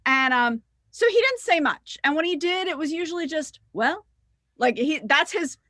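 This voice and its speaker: Animated high-voiced woman telling road stories. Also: normal speed, no room sound, studio quality. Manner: animated, acts out quotes, swears freely. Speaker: singer in a rock duo, podcast guest. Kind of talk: casual storytelling. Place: podcast recording.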